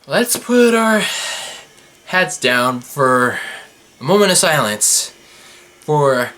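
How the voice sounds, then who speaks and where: Excitable young man recapping wrestling. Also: fairly high pitch, slow pace. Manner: excitable, sarcastic, fluctuating energy. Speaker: wrestling review vlogger. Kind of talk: casual recap commentary.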